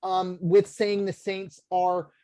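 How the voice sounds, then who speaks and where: A man's voice: sits high, flat delivery, slow pace, warm tone, no echo. Casting: American male podcast co-host, loose rambly sports talk, lots of "um" and restarts, dry close mic. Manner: rambling, filler-heavy, many restarts.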